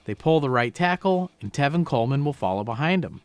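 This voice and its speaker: Male sports analyst, explanatory film-breakdown delivery, dry close-mic sound, soft guitar music behind. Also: medium pitch, animated, normal speed, smooth, no room sound. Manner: explanatory, emphatic on key words. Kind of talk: game film breakdown commentary.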